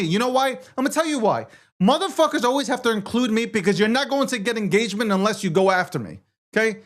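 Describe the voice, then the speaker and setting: With a very high, somewhat bright voice, a male talk show host reads social media posts aloud and argues back in a heated, combative tirade laced with profanity.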